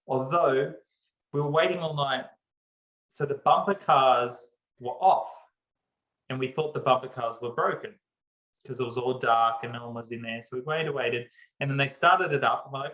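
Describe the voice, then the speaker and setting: A man, co-hosting a podcast and telling a story in an animated way, laughing often and acting out what people said. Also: mid-range voice, normal speed, reverberant, muffled recording. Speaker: podcast co-host. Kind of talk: casual storytelling chat.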